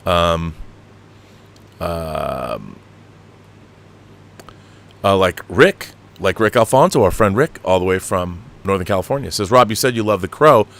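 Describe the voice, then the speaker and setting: A middle-aged man hosting a casual live stream, reading viewer comments aloud and reacting in an animated way with frequent restarts, laughs and swearing when annoyed. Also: sits low, measured pace, creaky, long pauses. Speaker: show host reading viewer chats.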